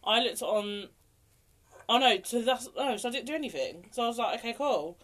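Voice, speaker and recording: A woman's voice: on the high side, lively intonation, normal speed, a bit bright. Young woman telling a dating story. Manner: chatty storyteller, acts out quotes. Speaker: podcast co-host. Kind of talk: casual chat.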